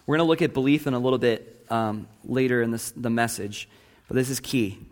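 A man's voice: mid-range voice, a little fast. A male pastor preaching a sermon with earnest delivery, posing rhetorical questions to the congregation and reading long quotations aloud.

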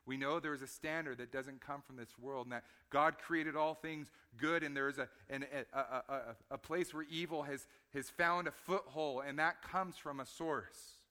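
A man preaching a sermon, moving between hushed low stretches and loud emphatic points, often repeating words as he stresses them. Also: steady tone, normal speed, hardly any pauses. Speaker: pastor.

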